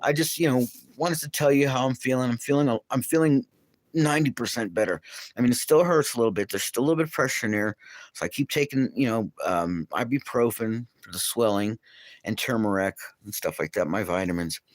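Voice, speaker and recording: A man's voice: mid-range voice, a little fast, no room sound. A man in his late fifties hosting a live stream, talking in a blunt, rambling way and laughing between his stories. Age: late 50s.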